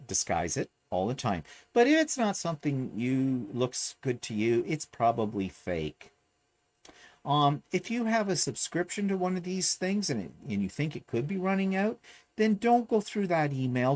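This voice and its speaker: A man's voice: mid-range voice, darkish tone. A man talking straight to camera in a casual vlog, ranting with exasperated, sarcastic asides. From Canada. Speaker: vlogger. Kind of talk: casual chatty vlog rant.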